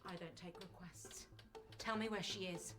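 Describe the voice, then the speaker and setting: A woman's voice: lowish voice, fairly even intonation, normal speed, over music, close to an everyday voice. An actress playing a cold, relentless female interrogator who gives commands, in a live-action game. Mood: menacing.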